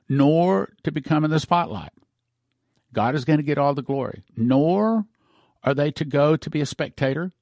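A man's voice: mid-range voice, darkish tone, no room sound, studio quality. A male pastor giving an earnest, emotional sermon message for radio over a broadcast microphone.

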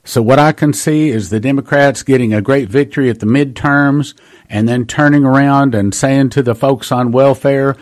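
A man's voice: mid-range voice, fairly even intonation, normal speed, a little mellow. A man hosting a prophecy talk show, preaching earnestly and calling his listeners brothers and sisters. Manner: reads dates and quotes at length. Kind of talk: preaching monologue.

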